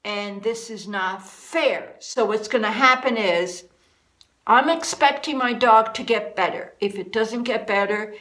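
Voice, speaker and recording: A woman's voice: a little high, a little slow, a bit bright, rough recording. A woman vlogger delivering a furious, repetitive rant to the camera. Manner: furious, repeating herself, emphatic.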